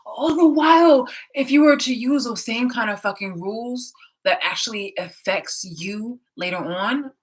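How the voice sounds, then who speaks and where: A woman's voice: on the high side, a little slow, husky. A woman vlogger in a casual, profane, exasperated reaction rant, laughing often, filmed indoors. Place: indoor room.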